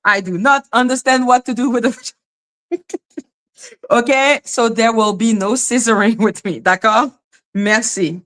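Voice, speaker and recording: A woman hosting a casual livestream, chatting with viewers in an animated way, laughing often and swearing freely. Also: on the high side, moderate pace. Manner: animated, laughing, frequent profanity. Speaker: livestream host. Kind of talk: casual livestream chat reading comments.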